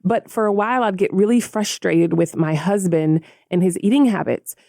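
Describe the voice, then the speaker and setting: Een vrouw die als co-host van een podcast geanimeerd en losjes verhalen vertelt en haar luisteraars direct aanspreekt. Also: female voice, medium pitch, moderate pace, creaky, no room sound, studio quality. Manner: animated, addresses listeners as y'all. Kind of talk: casual storytelling.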